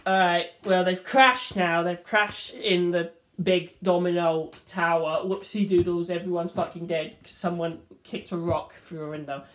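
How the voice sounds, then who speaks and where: A woman's voice: fairly low pitch, steady tone, measured pace. A woman reviewing a film in a rambling, casual monologue, swearing freely and acting out the scenes.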